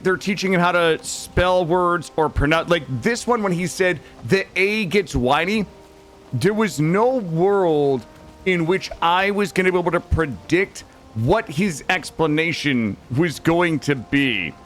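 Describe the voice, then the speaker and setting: A man's voice: fairly high pitch, a little hiss or hum. A man streaming a game, chatting casually with viewers, rambling and swearing as he tells stories and greets chat by name. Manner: rambling, animated storytelling, swears freely; greets chat members by name while playing.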